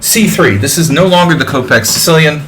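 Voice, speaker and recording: A man's voice: on the high side, expressive, brisk, fairly bright tone, slight background noise. A man streaming live, giving casual, chatty chess commentary. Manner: chatty, rambling.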